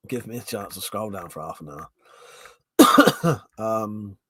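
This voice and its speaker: A man's voice: fairly low pitch, animated, drawn-out words, a bit bright, breathy edge, no room sound. A man hosting a livestream, casually chatting, reading viewer comments and laughing often through crude banter. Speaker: livestream host.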